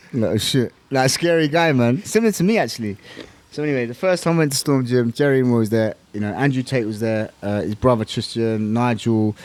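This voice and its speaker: Fast-talking blunt man. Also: medium pitch, darkish tone. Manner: blunt, swears freely, slangy storytelling. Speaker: podcast guest, former kickboxing champion. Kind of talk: casual interview talk.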